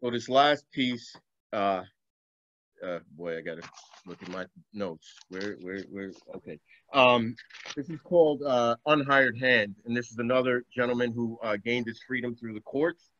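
A man's voice: medium pitch, normal speed, a bit bright, no room sound. A man, a poet, giving a virtual poetry reading. He speaks in chatty asides full of fillers, then recites in a rhythmic, emphatic way. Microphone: video call. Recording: dull lo-fi video call audio.

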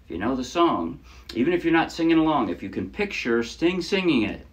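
A man's voice: mid-range voice, sing-song, a little fast. A man teaching a ukulele lesson in a casual, chatty way, talking through chords and counting beats aloud as he plays. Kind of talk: casual instructional talk. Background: loud ukulele playing.

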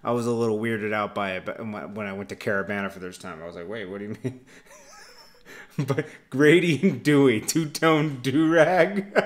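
A man's voice: mid-range voice, moderate pace. A man hosting a hip-hop news channel, talking loosely with frequent "uh"s and chuckles. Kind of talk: casual reaction commentary.

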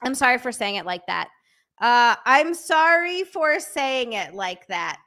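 A young adult woman chatting on a live stream from a room at home, excitable and chatty, thanking viewers by name and bursting into squeals. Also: fairly high pitch, measured pace. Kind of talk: casual live-stream chat.

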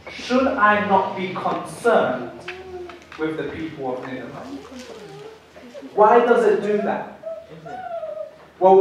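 A man preaching a sermon, telling a story in an animated way and repeating words as he builds a point. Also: sits high, recorded from a distance, a little hiss or hum. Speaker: pastor. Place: church hall. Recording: echoey church hall from afar.

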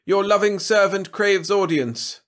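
Man playing a bawling alien ruler, high, slow, booming, servile. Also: a little mellow. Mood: grovelling.

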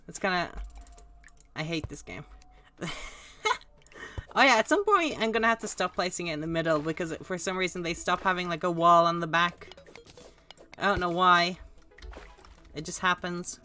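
A woman's voice: lowish voice, normal speed, long pauses, sharp tone, soft background music. A woman streamer giving casual, sarcastic, self-mocking commentary while playing a game. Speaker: gaming streamer. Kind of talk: casual live gaming commentary.

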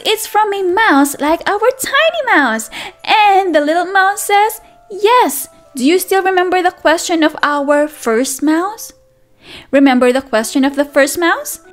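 A woman teacher reading a picture book aloud to toddlers, animated and sing-song, with excited gasps and friendly questions to the children. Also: extremely high pitch, measured pace, faint music behind. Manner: speaks directly to young children with questions and praise. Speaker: children's teacher and channel host. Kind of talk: read-aloud storytelling for toddlers.

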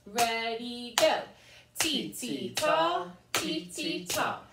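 A woman's voice: fairly high pitch, sing-song, very slow, heavy background noise. A woman teaching children a music lesson, cheerfully chanting rhythm syllables. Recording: echoey room, mic far off.

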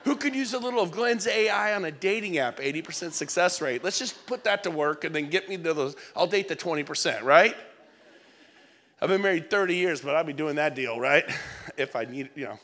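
A man in his fifties giving a lively, joking motivational speech to a live audience, often shouting for emphasis. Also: a little high, fairly quick. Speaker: keynote speaker. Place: event hall. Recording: long reverb of a large event hall.

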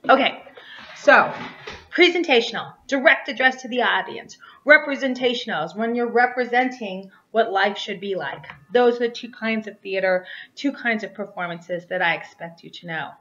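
Bright-voiced lady teaching an online theater class, lively and chatty, keeps saying "right?", kinda dull lo-fi audio. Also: on the high side, normal speed. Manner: animated, checks in with frequent "right?" tags.

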